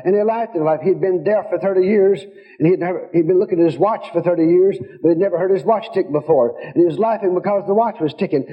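High-voiced folksy preacher. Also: male voice, quick pace. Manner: folksy storytelling, quotes God and others in his own voice. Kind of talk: sermon. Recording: dull lo-fi sound.

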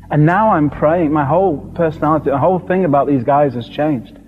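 A British man preaching a sermon as a story, lively and re-enacting scenes with sudden shouts. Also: a little high, brisk, few pauses, slight background noise. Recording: dull recording with long hall reverb.

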